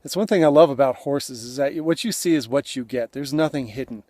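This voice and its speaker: A relationship coach sits indoors and talks straight to camera, advising other men in an earnest, conversational tone and acting out the lines he suggests they use. His mid-range voice is brisk and a little mellow, with no echo.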